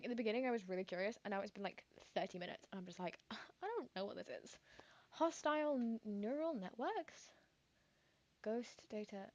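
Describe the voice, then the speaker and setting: A woman's voice: fairly high pitch, a little mellow, no room sound, dull audio. A woman, chatting casually and thinking aloud while streaming a game, with lots of fillers and rambling asides. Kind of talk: casual gameplay commentary.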